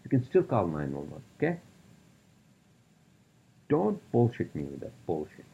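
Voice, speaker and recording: A man's voice: sits low, huge pitch swings, a little slow, gravelly, mellow, muffled recording, slight background noise. A man hosting a solo podcast, rambling through topics with lots of fillers and profane rants. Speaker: podcast host.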